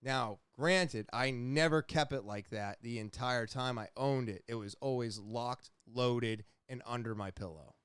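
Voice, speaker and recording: A young adult man hosting a podcast, casually telling a rambling, profane story with animated retellings. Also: mid-range voice, a little slow, hardly any pauses, clear, resonant tone, dry recording, studio quality. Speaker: podcast host.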